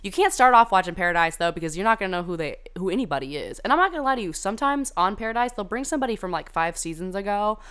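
A woman's voice: mid-range voice, animated, very fast, hardly any pauses, fairly bright tone, clean tone. A young woman hosting a casual chat, gossiping about reality TV contestants in a chatty, profane way full of "like" and side tangents. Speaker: podcast host reviewing a reality dating show.

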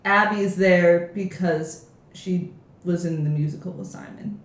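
A young woman co-hosting a casual film chat, jumping into quick acted-out quotes of the characters. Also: lowish voice, steady tone. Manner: acts out characters' lines in quick bursts. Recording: echoey room.

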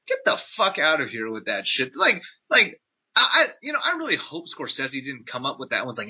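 A podcast co-host rants casually, swearing a lot and throwing in sarcastic mock quotes. His medium-pitched voice is husky, pushed and bright, very animated and fast. The podcast audio is dull and lo-fi.

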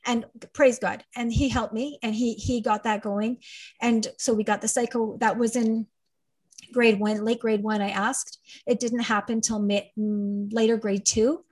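A woman's voice: on the high side, flat delivery, measured pace, a little mellow, no room sound. A middle-aged woman, a guest in an interview telling her story in an emphatic, rambling way. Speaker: guest, parent advocate and trainer. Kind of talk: conversational interview.

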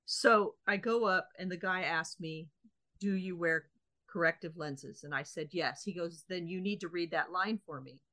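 Speaking at a moderate pace in a lowish voice, a female podcast co-host recounts a story during casual conversation. She brings it to life by acting out both parties in the exchange.

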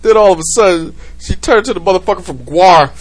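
A man's voice: high-pitched, fast. A man in his thirties hosting a podcast, talking in casual, profane, joking banter. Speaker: podcast host.

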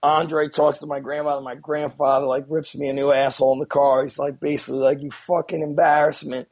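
A man's voice: mid-range voice, completely flat delivery, quick pace, a little mellow. A man telling a story as a guest in a casual, rambling way, with many fillers and frequent swearing, on a dull lo-fi recording. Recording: dull lo-fi sound.

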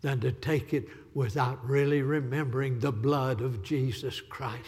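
A man's voice: mid-range voice, steady tone, unhurried, a little mellow. A man preaching an impassioned sermon as a visiting evangelist, pleading with repetition. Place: church sanctuary. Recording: reverberant church hall.

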